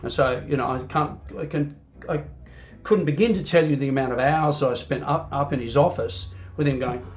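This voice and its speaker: Animated Australian man telling stories. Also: medium pitch, a little fast. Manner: animated storyteller, frequent "you know" fillers. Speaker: singer and band frontman. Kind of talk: casual interview chat.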